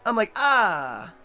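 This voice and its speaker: Bright-voiced young man rambling casually. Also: sits high. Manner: rambling, profane, laughs at his own jokes. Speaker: let's play host. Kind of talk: casual gaming chat.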